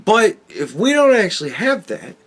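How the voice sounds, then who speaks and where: A man's voice: sits high, sing-song, normal speed, breathy edge. Profane, rambling male podcast host. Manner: profane, rambling, with frequent restarts. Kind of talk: casual opinion monologue.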